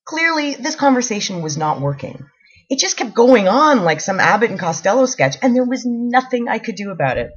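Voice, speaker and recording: A woman's voice: a little high, sing-song, brisk, slightly rough, poor audio. A woman reading her own blog post aloud, with a wry, self-mocking comic delivery.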